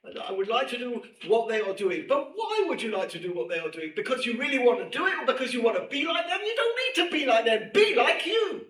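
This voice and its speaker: High-voiced male teacher in an echoey room. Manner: animated, emphatic repetition, quotes Hebrew texts quickly. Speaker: teacher at a women's seminary. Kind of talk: lecture to a class. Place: room with a class present. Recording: echoey room, distant mic, faint hiss.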